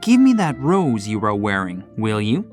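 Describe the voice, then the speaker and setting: A narrator voicing a cool, calm young male safecracker in an audiobook story. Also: fairly low pitch, moderate pace, soft background music. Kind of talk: audiobook character voice.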